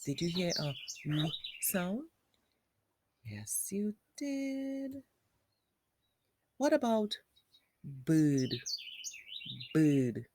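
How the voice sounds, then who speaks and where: A woman's voice: fairly low pitch, sing-song, extremely slow, pauses often, background noise. A woman teaching phonics to young children, patiently repeating sounds and words and asking the child questions.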